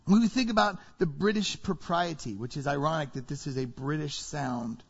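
A high-voiced man preaches to his congregation, quizzing them with rhetorical questions. His voice rings with a long hall reverb. The sound is a bit dull. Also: expressive, moderate pace, vocal fry, husky. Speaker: pastor. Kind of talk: sermon.

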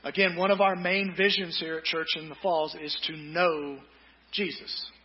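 A male pastor preaching a sermon, reading scripture slowly and deliberately with quick joking asides. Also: on the high side, little pitch movement, muffled recording.

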